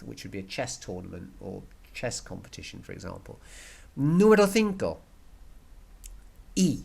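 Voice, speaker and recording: A man teaching a recorded language lesson, explaining step by step, repeating key words and checking with "okay?". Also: lowish voice.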